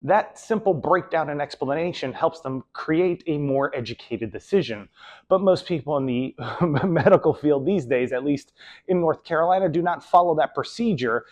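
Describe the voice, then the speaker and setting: A man's voice: a little high, animated, moderate pace, darkish tone. A young man casually talking to camera with rambling advice, often trailing off with "so on and so forth". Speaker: video host.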